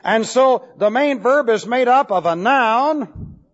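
High-voiced man lecturing in a reverberant hall. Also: animated, slow pace. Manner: emphatic, repeats and spells out key words. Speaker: Bible teacher. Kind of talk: classroom lecture on Greek grammar. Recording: dull lo-fi recording with long hall reverb.

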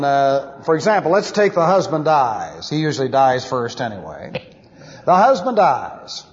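A man teaching a Bible study sermon, animated, acting out sounds and wails as he explains. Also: high-pitched. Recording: dull lo-fi audio in a reverberant hall.

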